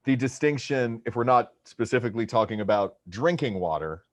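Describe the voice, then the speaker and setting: A man co-hosting a podcast in casual chat, wry and playful with a deliberate way of talking. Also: mid-range voice, lively intonation, no room sound. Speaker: podcast co-host.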